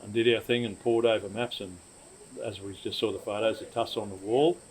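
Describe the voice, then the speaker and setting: An older man with an Australian accent, telling stories from his life in a relaxed, rambling way as an interviewee. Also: lowish voice, brisk, noisy background. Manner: rambling, laid-back yarn-spinning with laughs. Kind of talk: casual storytelling.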